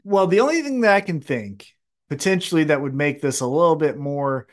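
A man's voice: on the high side, animated, a little fast. A man co-hosting a casual wrestling podcast, talking animatedly with plenty of swearing and acting out quotes in raised voices. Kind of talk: casual chat.

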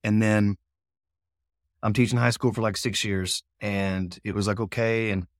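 Earnest, animated man telling a story. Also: fairly low pitch, measured pace, no echo, studio quality. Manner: earnest, animated, acts out quoted exchanges. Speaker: filmmaker guest. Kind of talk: casual storytelling interview.

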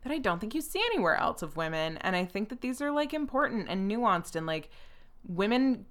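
A woman's voice: mid-range voice, sing-song, a little fast, fairly bright tone. A young woman hosting a podcast, talking casually and with strong opinions, full of fillers and frequent swearing. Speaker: podcast host.

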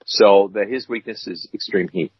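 A man's voice: lowish voice, moderate pace, slightly rough, no echo. A man co-hosting a casual chat show, joking and rambling as he tells stories. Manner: animated, joking, rambling storyteller. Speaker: co-host. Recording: dull, dry lo-fi audio.

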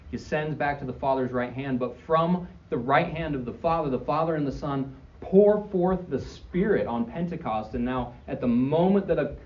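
Man, pastor, sermon, earnest, emphatic, distant mic, dull sound. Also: mid-range voice. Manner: earnest, slow and emphatic, repeating phrases. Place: church sanctuary. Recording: dull, distant mic with faint room noise.

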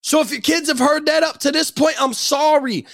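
Man, podcast host, angry profane rant, gravelly voice, dry close sound. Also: extremely high pitch, steady tone, moderate pace, no room sound. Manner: angry, profane, shouting at times.

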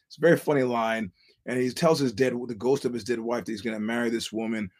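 A man's voice: mid-range voice, fairly even intonation, fairly quick, darkish tone. A man hosting a solo podcast, ranting bluntly and swearing often. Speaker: podcast host.

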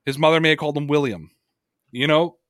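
A man's voice: fairly high pitch, fast talker, fairly bright tone, no echo, clean studio sound. A man co-hosting a sports podcast, talking casually and emphatically, repeating words for effect. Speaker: podcast co-host.

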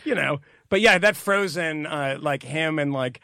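A man's voice: fairly high pitch, measured pace, pushed and bright, clean tone, no echo, studio quality. Sardonic man riffing on a podcast. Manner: sardonic, rambling riffs with fillers like "like". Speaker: podcast co-host. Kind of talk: casual podcast banter.

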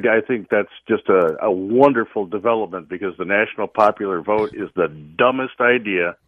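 A man's voice: low-pitched, no room sound, phone-quality sound. A man speaking as a guest commentator on a talk radio show, emphatic and opinionated, stumbling and restarting often.

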